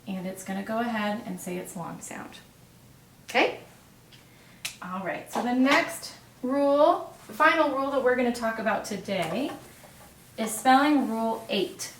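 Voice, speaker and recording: A woman teaching a phonics lesson at a board, patient and encouraging, pausing for the learner's answers. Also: on the high side, a bit bright. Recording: roomy echo, distant mic, faint hiss.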